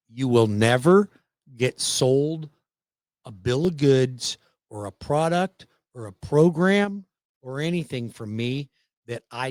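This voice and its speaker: A man in the middle pitch range hosts a radio show and walks listeners through a client's story with persuasive energy. His voice jumps up in pitch and loudness whenever he stresses a point. The studio sound is dry and close. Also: no echo. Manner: animated, swinging pitch and loudness for emphasis. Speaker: radio show host and mortgage lender.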